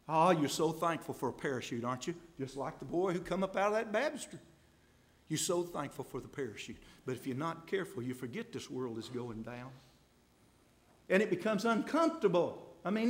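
A man preaching a sermon in a folksy, impassioned way, speaking straight to the congregation and swinging from hushed asides to loud climaxes. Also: high voice, animated, moderate pace.

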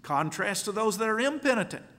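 Lively high-voiced man preaching a sermon. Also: fairly quick. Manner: emphatic, repeats key words, reads scripture in old English. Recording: long reverb of a large hall.

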